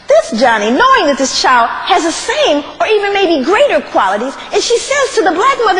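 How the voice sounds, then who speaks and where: A woman giving a lively public lecture, laughing often and putting questions to her audience. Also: extremely high pitch, normal speed, hardly any pauses. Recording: noisy live recording.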